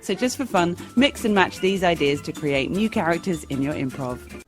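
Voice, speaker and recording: A woman teaching improv comedy in a bright, demonstrative instructional narration. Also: fairly low pitch, expressive, moderate pace, faint music behind. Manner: bright, demonstrative, sing-song.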